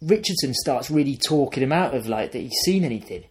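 A young man, a podcast co-host, casually retelling a film plot in a rambling, animated way and acting out the characters. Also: medium pitch, a little fast, breathy edge.

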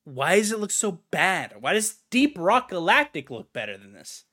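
A man's voice: high-pitched, big pitch swings, normal speed, pushed and bright. A man co-hosting a casual gaming podcast, ranting in an exasperated way and swearing now and then. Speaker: podcast co-host.

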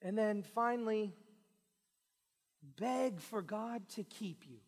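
High-voiced preacher pleading in a reverberant hall. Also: male voice, lively intonation, slow pace. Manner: pleading, swings from hushed to shouted. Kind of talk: sermon.

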